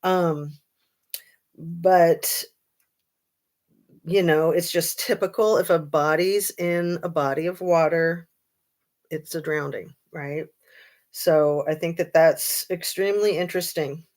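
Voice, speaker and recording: Female livestream host, slightly low pitch, casual and sarcastic, filler-heavy chat. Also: fairly even intonation, slow, long pauses, darkish tone. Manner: chatty, sarcastic, many ums and likes. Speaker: true crime livestream host.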